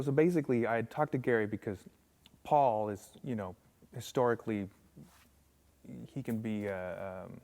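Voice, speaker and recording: Brief: male musician guest, lower register, loose chatty anecdotes with quoted voices and plenty of fillers. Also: fairly quick. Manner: animated, acts out voices in anecdotes, many fillers. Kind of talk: casual storytelling interview.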